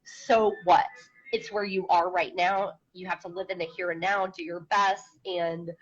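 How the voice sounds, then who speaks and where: A woman with a fairly low voice, fairly even intonation and a slightly slow pace is a guest in a casual live-stream interview. She talks bluntly and repeats words while searching for them, and the recording sounds dull and lo-fi.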